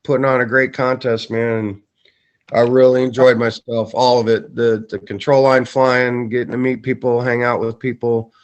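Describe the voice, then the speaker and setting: A man's voice: mid-range voice, flat delivery, moderate pace. A laid-back man talks loosely with friends on a group video call. He drawls along, swears offhandedly and keeps it easygoing. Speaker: contest pilot. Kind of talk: casual group video chat.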